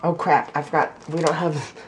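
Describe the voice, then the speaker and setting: A man vlogging casually, with a rambling, excitable and jokey way of talking, filmed on a handheld camera in a car and then at home. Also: on the high side, moderate pace, noisy background. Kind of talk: casual vlog chat. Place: in a car, then indoors at home by a fish tank.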